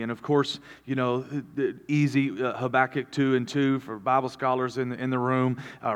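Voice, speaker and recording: A man's voice: medium pitch, normal speed, few pauses. A man preaching a sermon as a pastor, talking earnestly and rambling through restarts. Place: church auditorium. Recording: long hall reverb.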